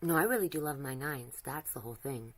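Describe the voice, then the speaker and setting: A woman's voice: rumbling low, lively intonation, fairly quick, fairly bright tone. A woman livestreaming, chatting flirtily with a chatbot, rambling and restarting her sentences. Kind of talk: casual chat with a chatbot while drawing.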